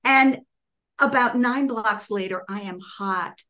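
A middle-aged woman, a composer, telling personal stories in an interview and acting out her own past words with lively emphasis. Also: mid-range voice, slow. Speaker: composer and author, guest. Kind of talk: conversational interview storytelling.

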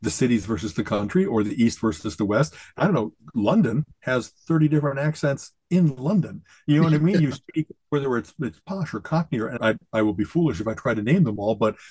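A man co-hosting a podcast, chatting casually in an animated, jokey way and often asking "you know what I mean?". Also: medium pitch, a little fast, few pauses, slightly rough, no echo. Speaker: podcast co-host. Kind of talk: casual chat.

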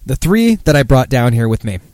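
A man's voice: mid-range voice, very animated, fairly quick, a little mellow, no room sound. A man hosting a casual drinking podcast, rambling and sardonic with lots of profanity. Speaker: podcast host.

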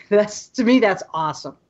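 A woman guest on a podcast, telling lively stories and acting out what people said. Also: mid-range voice, unhurried, highs cut off. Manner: lively storyteller, acts out quotes. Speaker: podcast guest, photography tour leader. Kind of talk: casual podcast chat.

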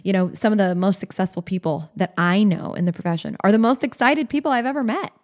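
A woman in her forties giving an enthusiastic, animated motivational talk on business, speaking straight to the listener. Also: mid-range voice, quick pace. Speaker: business coach.

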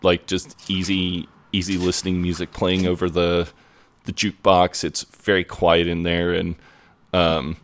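A man's voice: sits low, completely flat delivery, measured pace. A man casually recapping a sitcom episode on a podcast, laid-back and hesitant. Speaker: podcast co-host.

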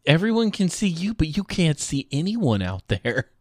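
A man's voice: fairly high pitch, big pitch swings, normal speed, a little mellow, no echo, clean studio sound. An easygoing man co-hosting a casual chat, laughing often and telling stories. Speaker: podcast co-host.

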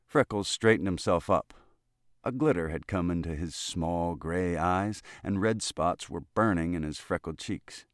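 Male narrator reading a classic short story, very low voice, dry close sound. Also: dry recording. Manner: steady, measured storytelling. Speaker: audiobook narrator.

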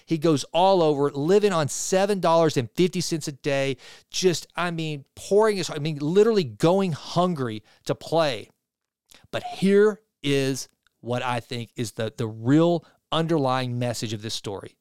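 A male talk show host, telling a story in a casual, animated way and acting out the people in it. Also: fairly high pitch, a little slow, clear, resonant tone, dry recording, studio quality. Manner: animated, conversational, retells a story with quoted voices.

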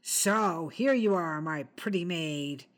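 A woman's voice: on the low side, slow, pitched below the performer's own voice. Woman reader as a smirking, menacing thug of a servant, storybook villain. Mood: leering. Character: brutish male servant, leering then screaming.

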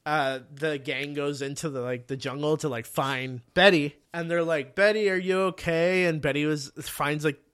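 A man's voice: fairly high pitch, steady tone, moderate pace, few pauses, fairly bright tone. A man in casual chat, animatedly retelling a comic plot, swearing freely and acting out the characters' lines.

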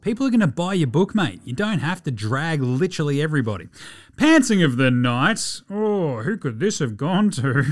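A man's voice: on the high side, big pitch swings, unhurried, faint music behind. An Australian man hosting a podcast, giving a casual, chatty rundown of basketball games, swearing freely as he goes. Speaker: podcast host.

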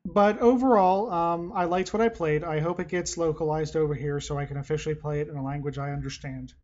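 Higher-voiced guy on a muffled lo-fi mic, rambling gamer podcast chat. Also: brisk. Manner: rambling, profane, excitable. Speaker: podcast co-host. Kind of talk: casual chat.

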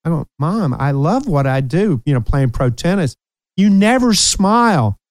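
A man's voice: fairly high pitch, animated, moderate pace, darkish tone, no room sound. A man in his sixties hosting a casual talk show, upbeat and teasing. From United States. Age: 60s. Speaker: host. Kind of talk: casual chat.

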